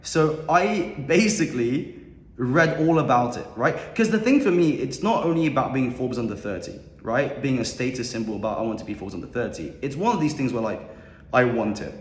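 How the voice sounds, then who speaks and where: A man's voice: medium pitch, lively intonation, moderate pace. A young man telling a story in a casual, confident and rambling way on a podcast. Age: young adult. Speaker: podcast guest. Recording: echoey room with long reverb.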